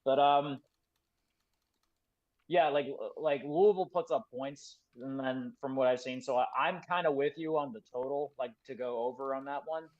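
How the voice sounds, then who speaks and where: A man's voice: mid-range voice, moderate pace, a little mellow, muffled recording. A man co-hosting a casual sports podcast, rambling and leaning on "like" as he thinks aloud. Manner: rambling, fills with "like". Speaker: podcast co-host.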